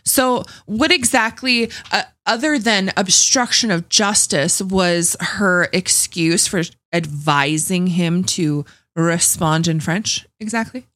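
A woman's voice: on the low side, slow, hardly any pauses, a bit bright, no echo. A woman co-hosting a podcast, giving casual, mocking commentary full of swearing. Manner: profane, mocking. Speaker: podcast co-host.

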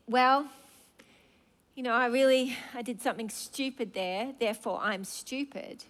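A woman's voice: sits high, a bit bright. A woman preaching a sermon, emphatic and impassioned, building with rhythmic repetition.

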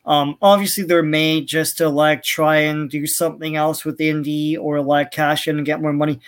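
A man's voice: on the high side, flat delivery, normal speed. Man with a lightly raised voice chatting. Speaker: podcast co-host. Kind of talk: casual film discussion.

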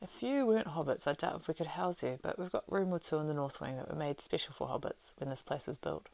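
A woman voicing a fat, bustling middle-aged male innkeeper who chatters loudly and fussily, in a story reading. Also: deep voice, lively intonation, vocal fry, no echo, heavily acted. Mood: chatty. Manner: hurried, loud and fussy chatter.

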